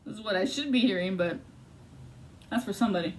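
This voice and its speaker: A woman giving a casual, profane tarot reading, swinging between loud outbursts and low muttering. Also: quick pace, a little hiss or hum. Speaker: tarot reader.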